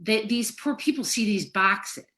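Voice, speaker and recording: A middle-aged woman therapist speaks in a casual podcast conversation. Her voice sits at a medium pitch, and her delivery is candid and emotional. She swears freely. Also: lively intonation, measured pace, pushed and bright.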